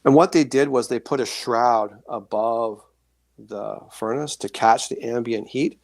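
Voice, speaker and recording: A male interview guest telling stories in a relaxed, rambling way, full of fillers and self-corrections. His voice has a gravelly creak to it, and the recording is close and dry, with no room sound. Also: medium pitch, a little slow, no room sound. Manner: rambling, animated anecdotes with many fillers and restarts. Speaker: guest author sharing paranormal experiences. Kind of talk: casual storytelling interview.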